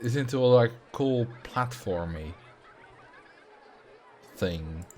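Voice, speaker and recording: A man's voice: medium pitch, lively intonation, takes it slowly, warm tone, slight background noise. A man, streaming a building game, chatting casually, reading chat and thinking aloud with self-mocking humor. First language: Dutch.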